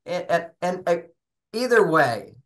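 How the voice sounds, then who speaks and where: A man's voice: high-pitched, very animated, a little slow. A man who writes about relationships, giving emphatic advice and acting out both sides of little dialogues with his spouse. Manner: emphatic, instructive. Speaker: relationship author and guest. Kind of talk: conversational advice talk.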